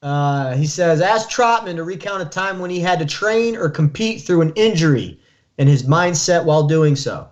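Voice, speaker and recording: Host: man, slightly high voice, joking and upbeat, lo-fi muffled recording. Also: animated, normal speed. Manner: upbeat, joking, prompting questions. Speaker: podcast host. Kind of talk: casual interview chat.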